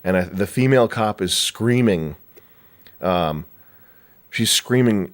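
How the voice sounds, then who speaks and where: A man's voice: fairly low pitch, a little slow. A man hosting a podcast, chatting casually in a rambling, profane way and laughing often. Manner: mimics others in raised voice. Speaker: podcast host. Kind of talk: casual chat.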